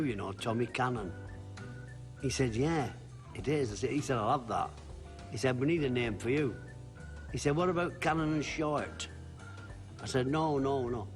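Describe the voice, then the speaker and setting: A man reminiscing chattily, acting out old conversations. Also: mid-range voice. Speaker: comedian. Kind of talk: reminiscing interview.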